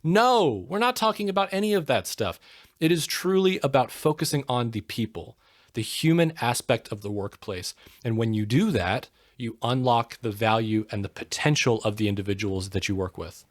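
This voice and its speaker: A man's voice: fairly low pitch, moderate pace, dry recording, clean studio sound. A man talking as a podcast guest, earnest and emphatic, often asking rhetorical questions. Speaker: podcast guest, book co-author. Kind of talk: casual interview talk.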